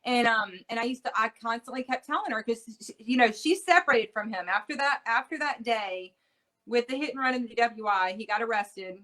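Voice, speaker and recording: A middle-aged woman, a guest on an interview show, speaking earnestly with halting phrases, restarts and repeated words. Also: fairly high pitch, sharp tone, low-quality recording. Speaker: interview guest, bereaved mother. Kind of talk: casual interview talk.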